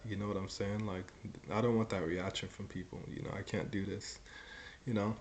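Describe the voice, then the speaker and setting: A man's voice: on the low side, flat delivery, a little fast. A young man in his twenties telling his own story in a rambling, casual way, full of "like" and "you know" and some swearing.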